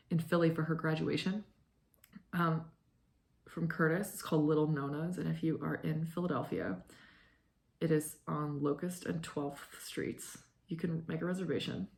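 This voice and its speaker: Low creaky-voiced young woman rambling. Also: a little mellow. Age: 20s. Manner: rambling, lots of fillers and "like". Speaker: knitting podcast host. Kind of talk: casual chat.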